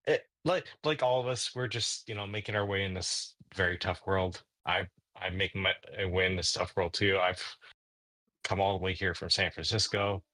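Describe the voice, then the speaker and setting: A man's voice: low voice, moderate pace, sharp tone, no echo. A man playing a tabletop role-playing game in character, rambling with lots of stammers and restarts. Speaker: player.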